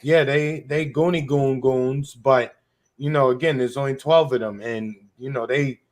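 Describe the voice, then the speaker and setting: A man's voice: medium pitch, steady tone, a little slow. A man co-hosting a political podcast, speaking bluntly in casual slang with a sarcastic edge. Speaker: podcast co-host.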